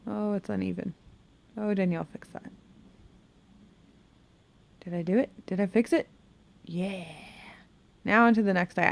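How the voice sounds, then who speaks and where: In her home bedroom, a beauty vlogger chats through a makeup tutorial, talking to herself, muttering and humming now and then as she works. Her voice is lowish and creaky, with no room sound.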